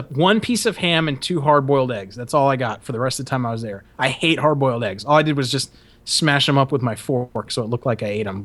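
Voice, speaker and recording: A young man hosting a podcast, casually telling a story, swearing often, laughing and acting out shouted quotes. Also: medium pitch. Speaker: podcast host.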